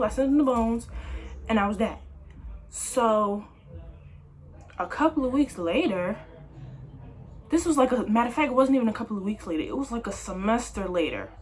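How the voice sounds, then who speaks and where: Young woman, vlogger, storytime, slangy, animated, slightly high voice. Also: moderate pace, long pauses. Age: young adult. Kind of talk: casual storytime vlog.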